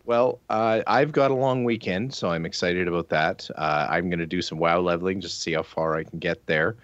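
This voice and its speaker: A man's voice: low-pitched, a bit bright, no echo, muffled recording. A man co-hosting a casual gaming podcast, chatty and rambling, stumbling over restarts and cracking jokes. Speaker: podcast co-host.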